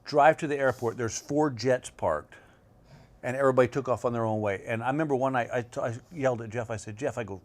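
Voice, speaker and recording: A middle-aged man with an unhurried, drawling delivery, spinning long anecdotes as a talk-show guest. His voice sits at an ordinary male pitch, and he often stops and restarts his sentences. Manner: drawling, rambling storyteller with restarts. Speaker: comedian guest. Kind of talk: casual chat. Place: bedroom set.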